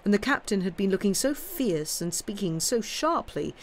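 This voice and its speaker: A woman reads a classic story aloud on a live stream. Her narration is steady and expressive, at an ordinary middle pitch. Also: moderate pace, a little hiss or hum. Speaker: reader of classic stories.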